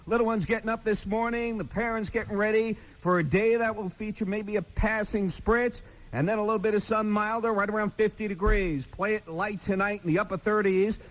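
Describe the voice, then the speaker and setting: High-voiced man joking through the weather. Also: steady tone, fairly quick. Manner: playful, teasing. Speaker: weather forecaster. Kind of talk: jokey on-air weather forecast.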